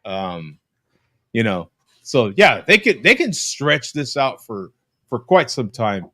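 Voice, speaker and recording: A man hosting a casual live-stream chat over a video call from his home, rambling with lots of halting restarts. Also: medium pitch, sing-song, pushed and bright, no echo, clean studio sound. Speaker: podcast host. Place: home room.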